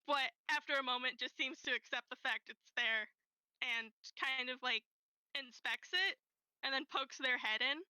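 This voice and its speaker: A woman narrating as game master of a tabletop game, gentle and unhurried, with many fillers. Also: sits high, clean tone, no room sound, rough recording.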